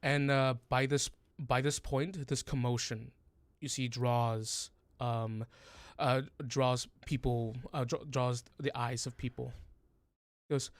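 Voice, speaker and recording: A man's voice: medium pitch, flat delivery, slow, no echo. A man narrating a tabletop game as game master, hesitant, with many fillers and restarts.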